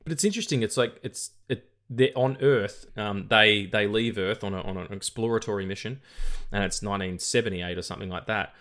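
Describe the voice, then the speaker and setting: Low-voiced, rambling male podcast co-host. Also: a little fast. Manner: rambling and animated, with many restarts and casual swearing. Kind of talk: casual film chat.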